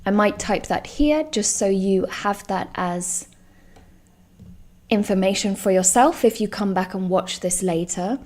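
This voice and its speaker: Woman, English teacher, slow deliberate delivery, mid-pitched voice, live stream lesson. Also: a little mellow. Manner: slow, clear and emphatic, stresses example words.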